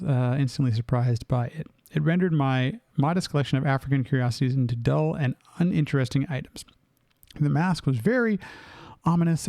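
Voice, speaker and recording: A young man streaming a game, reading the on-screen text aloud with halting starts and casual asides to viewers. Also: on the high side, darkish tone, dry recording. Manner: reads aloud haltingly, breaking off for asides and laughs.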